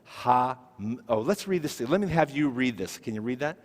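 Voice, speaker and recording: A man's voice: mid-range voice, animated, normal speed. A man teaching a Hebrew lesson to a class, explaining patiently step by step and asking questions. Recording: echoey hall recording.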